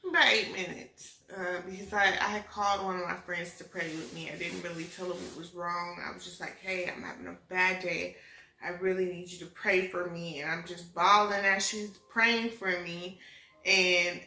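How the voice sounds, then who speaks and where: Young woman, casual storytime vlog, animated, bright tone, echoey room, faint music. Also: fairly low pitch, normal speed, slight background noise. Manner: emotional, animated retelling with quoted dialogue. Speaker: vlogger telling her pregnancy story.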